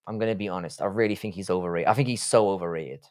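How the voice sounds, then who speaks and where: A man's voice: low voice, very fast, darkish tone. A man hosting a casual live stream, reading chat aloud and answering in a blunt, profane way.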